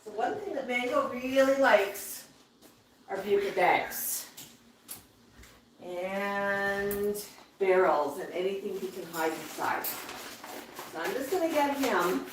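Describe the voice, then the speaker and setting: A woman hosting a casual livestream, talking softly and coaxingly to her pet parrots between reading viewer comments. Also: mid-range voice, slow pace, pauses often. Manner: soothing baby-talk to her parrots. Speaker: parrot keeper and livestream host. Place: indoor room with parrots. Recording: echoey room, heard from a distance. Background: faint noise and birds.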